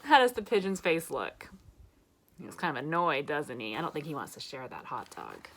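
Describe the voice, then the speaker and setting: A woman teacher with a low-pitched, very animated voice reads a picture book to young children at a moderate pace while teaching letters. She's gentle and encouraging, asking them questions.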